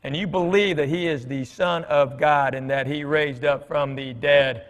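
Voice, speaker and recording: A man's voice: a little high, fairly even intonation, normal speed. Folksy man preaching in a reverberant hall. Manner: folksy storytelling, quoting others in dialogue. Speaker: guest speaker at church. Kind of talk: conversational sermon with anecdotes. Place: church hall.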